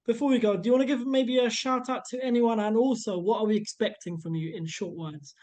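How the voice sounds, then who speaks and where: A man's voice: high voice, steady tone, fairly quick, darkish tone. A man interviewing a guest over a video call, friendly and joking. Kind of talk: casual interview questions.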